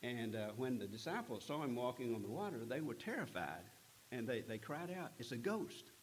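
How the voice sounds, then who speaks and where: A man preaching a sermon, retelling a scripture story in an earnest, unhurried way with frequent pauses. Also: medium pitch, big pitch swings, slight background noise, poor audio. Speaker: pastor.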